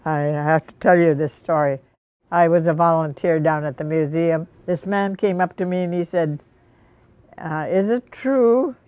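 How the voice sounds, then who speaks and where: A woman's voice: low voice, steady tone, normal speed, a little mellow, smooth, dry recording. An older woman, a museum volunteer, telling an anecdote with chuckles. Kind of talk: storytelling.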